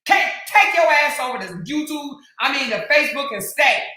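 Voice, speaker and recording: A woman hosting a commentary channel, scolding and taunting in a heated rant with drawn-out emphasis and bursts of shouting. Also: high-pitched, animated. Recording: very echoey room.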